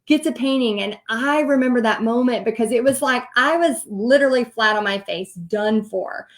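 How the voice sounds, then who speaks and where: A woman in her thirties telling her own story in a casual, animated way, with many fillers and restarts. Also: fairly high pitch, normal speed. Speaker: host, paint party teacher.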